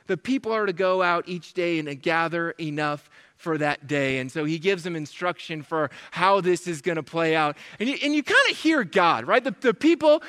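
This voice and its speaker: A man preaching a sermon, animated, acting out complaints in a whiny voice. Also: high-pitched, clean tone, big-room sound. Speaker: pastor.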